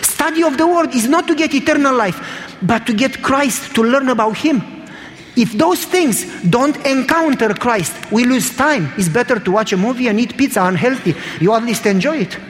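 A man's voice: extremely high pitch, moderate pace, big-room sound. A man preaching a sermon in a church, telling stories in an emphatic, conversational way.

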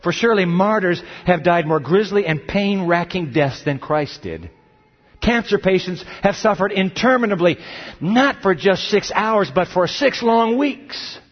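A man preaching a sermon, swinging dramatically between loud cries and hushed questions. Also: high voice, animated, measured pace. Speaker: pastor. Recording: long hall reverb, dull lo-fi sound.

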